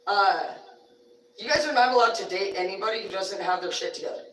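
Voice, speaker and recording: A woman's voice: medium pitch, brisk, fairly bright tone, slight background noise. A woman hosting a livestream tells rambling stories, blunt and full of curses. She sits a little back from the mic in a room that rings, with a faint murmur of background sound behind her. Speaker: livestream host. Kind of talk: casual storytelling on a livestream. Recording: roomy sound, distant from the mic.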